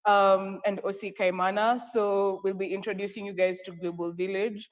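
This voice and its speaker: A woman's voice: mid-range voice, normal speed. A young woman with a Kenyan accent runs through a conference agenda with breathless enthusiasm, laughing easily as she goes. Her voice sits in the middle range. The recording is dull and lo-fi, with a long echo around her. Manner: effusive, excitable, laughing often. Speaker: conference co-host. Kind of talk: live online event hosting. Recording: echoey, dull lo-fi audio.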